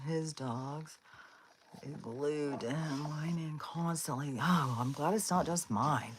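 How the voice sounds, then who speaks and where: On a live stream, a low-pitched woman rambles casually, laughing and using lots of fillers, with a little hiss or hum in the audio. She breaks off between thoughts to talk coaxingly to her dogs.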